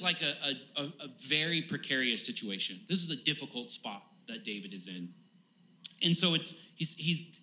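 Guy preaching a sermon, bright voice, lots of uh and like, gets pleading and emphatic. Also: fairly high pitch. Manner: casual, halting delivery with many fillers and restarts; grows pleading and emphatic when paraphrasing the psalm. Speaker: pastor.

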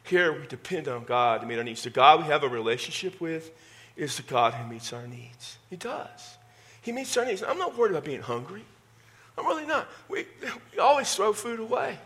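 Texan pastor preaching a relaxed sermon. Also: male voice, a little high, moderate pace. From Texas. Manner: conversational preaching with self-deprecating humor.

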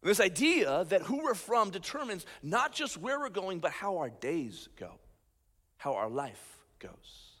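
High-voiced preaching man in a reverberant hall. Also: a little slow. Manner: animated preaching, swings between loud emphasis and low asides. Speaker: pastor. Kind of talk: sermon.

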